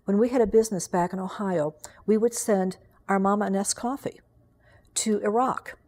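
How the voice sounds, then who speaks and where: A woman in her sixties hosting an interview, asking reflective, measured questions. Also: medium pitch, a little mellow. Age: 60s. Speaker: interview host. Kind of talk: conversational interview.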